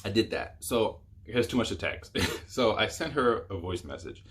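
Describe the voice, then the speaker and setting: A man's voice: lowish voice, lively intonation, normal speed, fairly bright tone, a little hiss or hum. A young man telling a rambling, exasperated storytime on his vlog, full of fillers. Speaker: YouTuber.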